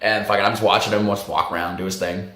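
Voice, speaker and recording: A man casually telling stories to camera, animated and profane, laughing often and acting out what others said. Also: deep voice, fast, reverberant. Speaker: vlog host. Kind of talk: casual storytelling monologue.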